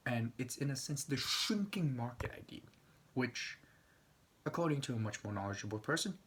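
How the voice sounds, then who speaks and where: A man's voice: mid-range voice, breathy edge. A man talking in a rambling, digressive monologue, with crude asides. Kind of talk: casual monologue.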